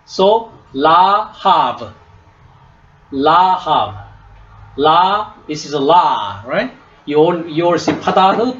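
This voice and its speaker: A man teaching a class, speaking slowly, repeating each word and checking "right?" with his students. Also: sits high, dull audio. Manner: slow, repeats words and asks "right?" often. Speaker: Hebrew teacher. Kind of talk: classroom lesson.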